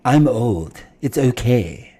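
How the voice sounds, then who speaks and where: A man voicing a cranky old male dwarf father who grumbles slowly. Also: medium pitch, animated, dark tone, slightly rough. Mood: grumpy. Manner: slow, grumbling.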